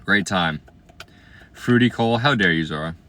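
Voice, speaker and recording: Chatty young man with a bright voice. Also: low-pitched, normal speed. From Iowa, USA. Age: 20s. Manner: chatty and playful, slangy, trailing off into quiet asides. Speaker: livestreamer. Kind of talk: casual livestream chat reading comments.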